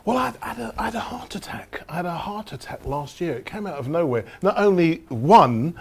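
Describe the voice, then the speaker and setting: A man speaks as a comedian guest, his voice a touch high. He talks frankly and cheerfully with the host in casual chat. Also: lively intonation, a little fast, creaky, darkish tone, husky.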